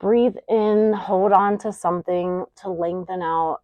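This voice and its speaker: A woman yoga instructor giving calm, unhurried cues for poses and breathing. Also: on the low side, no room sound, phone-quality sound. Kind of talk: guided yoga class instruction.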